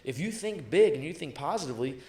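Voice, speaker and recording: Interviewed about sales in a motivational vein, a sales professional speaks bluntly and emphatically, swearing and repeating lines for impact. He has a fairly high, expressive, slightly mellow voice and a quick pace, and the room is echoey.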